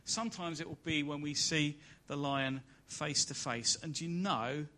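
A man preaching a sermon at a church service, building to loud emphatic peaks and then dropping soft and low. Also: moderate pace.

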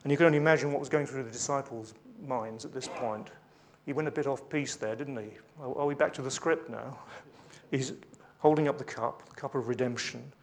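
A man's voice: medium pitch, fairly quick, hardly any pauses. A man preaching a sermon, reading scripture aloud with emphasis between conversational asides with light humour.

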